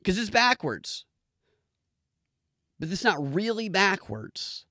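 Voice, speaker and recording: A man rants through a comedic review with lively swings in pitch, slightly high for his sex. He swears freely and keeps mimicking the people he describes. The recording is close and dry. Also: slow, no echo. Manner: profane, animated, mimics people in squeaky voices. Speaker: show reviewer.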